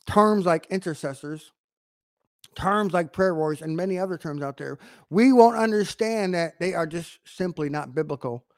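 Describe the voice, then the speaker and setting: A man's voice: a little high, no echo, studio quality. Emphatic man preaching a sermon. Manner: emphatic, with frequent restarts.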